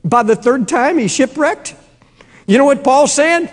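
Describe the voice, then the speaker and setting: An impassioned male preacher delivers a sermon and at times breaks into screaming. His voice sits very high. A long hall reverb trails after him. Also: moderate pace.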